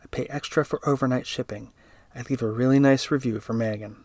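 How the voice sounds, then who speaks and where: A man reading a first-person story aloud in a steady, even narrating voice. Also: medium pitch, fairly quick, no echo.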